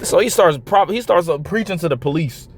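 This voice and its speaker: A man with a somewhat high voice comments bluntly on a clip and swears freely. He reads scripture verses slowly and deliberately. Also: lively intonation, slightly rough, faint music behind. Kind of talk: reacting to a clip and quoting scripture.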